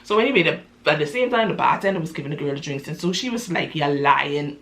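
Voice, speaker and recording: A woman's voice: lowish voice, lively intonation, very fast, a bit bright. A woman casually telling a story in a chatty way, full of fillers and asides to listeners.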